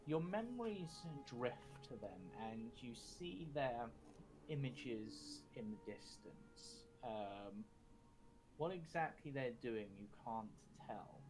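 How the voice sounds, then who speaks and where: A male game master narrates a tabletop scene in an unhurried, measured way. His voice sits at a middle pitch, and he pauses and restarts as he builds each description. Soft music plays underneath. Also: lively intonation, rough recording.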